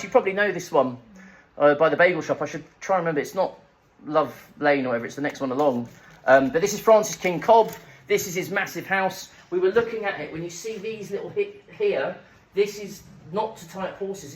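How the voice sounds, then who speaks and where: A young Englishman giving a comic local-history talk at a festival, chatty and self-mocking, with jokey asides to the audience. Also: on the high side. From England. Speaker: festival speaker. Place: live event room with an audience.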